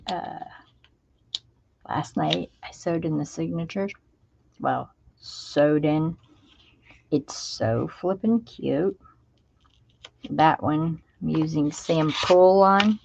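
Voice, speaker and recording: A woman's voice: deep voice, creaky, highs cut off, a little hiss or hum. A woman, chatting casually to her viewers while she crafts and talking to herself as she works. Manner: chatty, talks to herself while working, drops into whispers. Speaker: craft video host. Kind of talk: casual crafting vlog chat.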